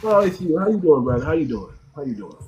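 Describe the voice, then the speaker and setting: A man's voice: fairly high pitch, very animated, fast talker, highs cut off, crowd noise. A man hosting a live call-in stream, talking in a mocking, repetitive way and repeating himself often. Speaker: host.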